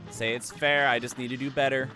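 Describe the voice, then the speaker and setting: A man streaming a video game live, thanking viewers and talking through his tactics, with frequent swearing and excited outbursts. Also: mid-range voice, brisk, soft background music. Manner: excitable, swears often, thinks aloud about tactics. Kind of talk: live gameplay commentary.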